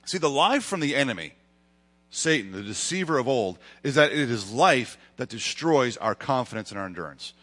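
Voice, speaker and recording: A man's voice: mid-range voice, lively intonation, moderate pace, fairly bright tone. A male pastor preaching a sermon, with emphatic rises and dramatic retellings of scripture. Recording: long hall reverb.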